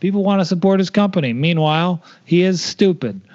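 A man's voice: high voice, animated, a little fast, a little mellow. Teasing, stubborn man on a podcast. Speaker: podcast co-host. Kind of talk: casual debate chat. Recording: dull lo-fi podcast audio.

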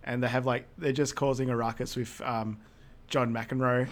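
A man's voice: medium pitch, flat delivery, moderate pace. A man with an ordinary mid-range voice talks through a movie on a podcast. His delivery is loose and amused, broken up by frequent laughs and casual swearing. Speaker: podcast co-host. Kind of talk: casual chat recapping a film.

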